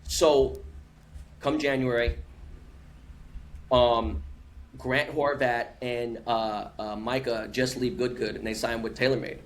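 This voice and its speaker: A man's voice: medium pitch, slow, long pauses, a little hiss or hum. A man from Los Angeles, a podcast guest, telling stories in slangy casual chat and acting out what others said. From Los Angeles, USA. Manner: animated, slangy, acts out quoted voices. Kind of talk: casual storytelling.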